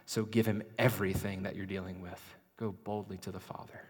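A male pastor preaching a sermon, swinging between loud urgent questions and soft, hushed phrases. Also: sits low, level tone, a little fast, husky. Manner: dynamic preaching, rising loud then dropping to near whisper. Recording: long hall reverb.

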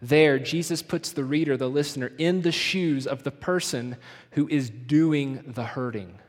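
A man preaching a sermon as pastor, pressing points hard, then dropping to hushed, slowed phrases. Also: mid-range voice. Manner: emphatic, swinging from loud urging to hushed, slowed phrases. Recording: long hall reverb.

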